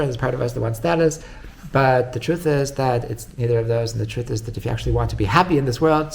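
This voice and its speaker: A man's voice: medium pitch, creaky. A man, a rabbi, giving an informal Torah class in a conversational way. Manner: conversational, retells stories with quoted dialogue.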